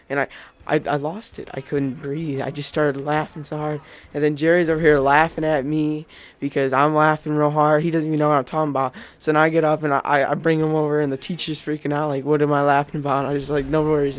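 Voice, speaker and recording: Excitable young man rambling through a story. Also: on the high side. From Indiana, US. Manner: rambling, excitable, restarts often. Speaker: YouTuber. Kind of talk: casual storytelling.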